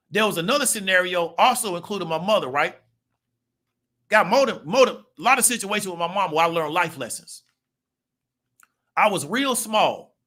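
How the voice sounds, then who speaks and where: High-voiced man telling stories casually. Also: sharp tone. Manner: conversational, peppers talk with "right?" and "you feel me?". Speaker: channel host. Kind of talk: casual storytelling monologue.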